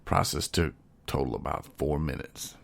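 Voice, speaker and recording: A very deep, gravelly man spins a yarn in a drawling, folksy manner. He drops into hushed asides between lines. He sounds like a casual podcast co-host. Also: normal speed. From Michigan. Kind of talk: casual storytelling chat.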